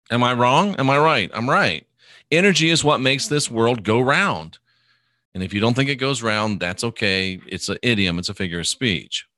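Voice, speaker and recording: A man hosts a live podcast, answering viewer questions in an easygoing, conversational manner. His voice is bright and forward. The recording is dry, with no room sound around it. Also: mid-range voice, dry recording. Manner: unhurried, conversational, answers viewer questions aloud, drifting quiet at phrase ends. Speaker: podcast host reading live comments. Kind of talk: casual live podcast chat.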